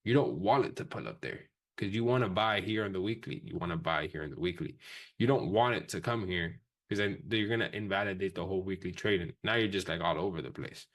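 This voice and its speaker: Fast-talking, deep-voiced man teaching trading. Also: a bit bright. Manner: fast, profane, casual coaching talk. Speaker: trading instructor. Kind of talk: live-streamed trading lesson.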